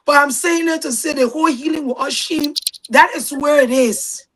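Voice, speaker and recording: Liberian woman, middle-aged, high voice, animated storyteller who shouts out the quotes. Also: normal speed, low-quality recording. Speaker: guest. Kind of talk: casual storytelling.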